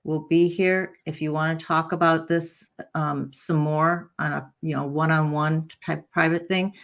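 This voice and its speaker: A woman hosting a conversation, supportive, with frequent affirmations and gentle reassurance to listeners. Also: deep voice, little pitch movement, unhurried, creaky. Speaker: host.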